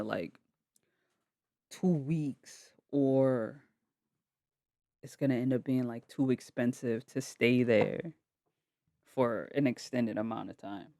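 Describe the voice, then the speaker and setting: A woman vlogger reacts to a video and drifts into her own stories, blunt and unfiltered. Her voice has a rough, gravelly edge. The sound is close and dry, with no room around it. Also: rumbling low, no room sound. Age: adult with kids. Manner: blunt, swears freely, animated retelling of arguments. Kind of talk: casual storytelling reaction.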